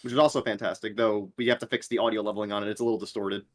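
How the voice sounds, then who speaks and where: A man's voice: lowish voice, little pitch movement, rapid-fire, no echo, studio quality. Easygoing man, faint New York accent. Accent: New York, wavering. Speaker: game developer guest. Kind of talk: casual podcast chat.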